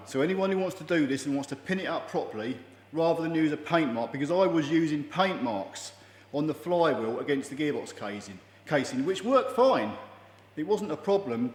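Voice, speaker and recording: Chatty man in an echoey garage. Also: fairly high pitch. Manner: chatty, jokey, self-deprecating. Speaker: mechanic vlogger. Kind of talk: casual workshop vlog. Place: garage workshop. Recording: echoey room with long reverb.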